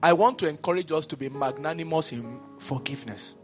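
A man with a Nigerian accent preaching a lively sermon in a church, with asides to the congregation that rise to shouts. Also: on the high side, brisk, soft background music. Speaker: pastor. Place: church hall.

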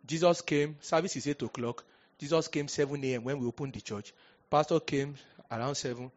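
A male pastor with a Nigerian accent preaching a storytelling sermon. He is animated and humorous, slips into pidgin and bursts out loudly at times. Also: mid-range voice, lo-fi sound. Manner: animated, humorous, breaks into pidgin, sudden loud outbursts.

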